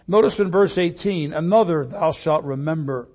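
An older man preaching a sermon, reading scripture fervently and loudly, then telling personal stories more quietly. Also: a little high, moderate pace. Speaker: traveling preacher.

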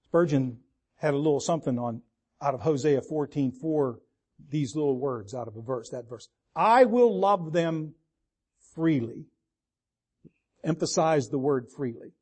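An older man preaching a sermon as pastor, stretching key words for emphasis and dropping into soft, low asides. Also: moderate pace, slightly rough.

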